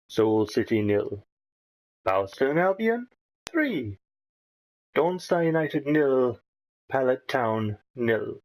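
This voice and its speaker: A man hosting a football game video, reading out league results in a slow, dry, deliberate way. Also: medium pitch, rough recording. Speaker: gaming video host.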